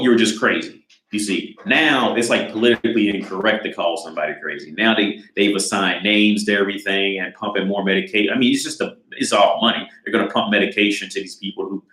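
A man's voice: fairly low pitch, fairly bright tone. A man giving his opinion in a casual, rambling monologue, restarting often and swearing freely. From United States. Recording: roomy echo.

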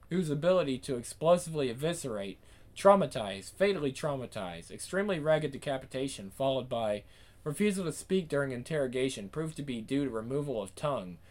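A man reading aloud in a clipped, report-like way, dropping words like case notes. His voice sits somewhat high for a man. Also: a little mellow. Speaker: reader. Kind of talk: dramatic comic reading.

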